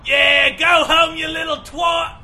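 A foul-mouthed hooligan roars insults from the sidelines. His voice is high, gravelly and sharp, dragging out each word. Faint ambience sits behind him. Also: flat delivery, slow pace, slight background noise, heavily acted. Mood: rowdy. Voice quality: gravelly, bellowing. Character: rowdy foul-mouthed male soccer hooligan heckler.

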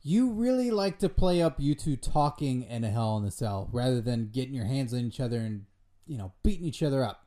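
A man's voice: mid-range voice, big pitch swings, brisk, mellow. A man interviewing a comedic guest, playing it straight and laughing often.

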